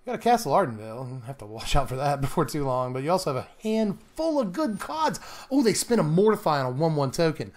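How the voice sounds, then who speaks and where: Young male gameplay commentator, slightly high voice, casual and jokey, quick to laugh. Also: very animated, darkish tone. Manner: playful, laughs often, slips into mock British accent.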